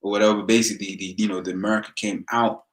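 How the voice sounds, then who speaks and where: A man's voice: fairly low pitch, flat delivery, very fast. A man in casual discussion who talks hesitantly, with many fillers and restarts.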